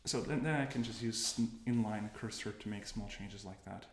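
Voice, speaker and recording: Typing and mouse clicks are audible in this roomy, noisy recording of a developer casually narrating his coding session. He speaks at normal speed in a lowish voice, thinking aloud and frequently stopping to correct himself as he demos his workflow.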